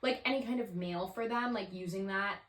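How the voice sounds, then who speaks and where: A woman's voice: medium pitch, a little fast, fairly bright tone. A woman in her twenties hosting a casual advice podcast, chatty and opinionated with lots of fillers. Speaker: podcast host. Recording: roomy echo.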